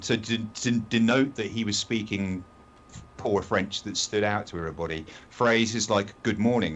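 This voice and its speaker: A man's voice: lowish voice, fairly bright tone, a little hiss or hum. A British man chatting casually on a live show, telling anecdotes at length. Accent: British English. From England. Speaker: co-host. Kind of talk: casual chat.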